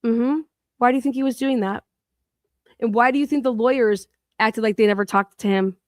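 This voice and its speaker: A woman's voice: a little high, brisk, no room sound, clean studio sound. A woman co-hosting a commentary show, talking bluntly and with open scorn. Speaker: co-host. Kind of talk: profane commentary.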